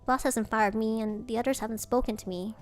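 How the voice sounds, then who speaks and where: A woman's voice: fairly high pitch, steady tone, fairly quick, faint music behind. A woman streamer reading a visual novel aloud, breaking off to react with dismay.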